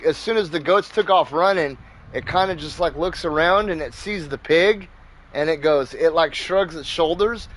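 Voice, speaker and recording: A man hosting a gaming channel, telling a story in a rambling, profane, casual way. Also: a little high. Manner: rambling and profane, with many fillers.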